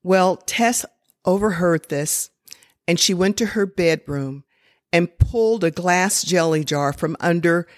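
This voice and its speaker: A woman telling a true story in a slow, deliberate, expressive sermon style. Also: fairly low pitch, no echo, clean studio sound.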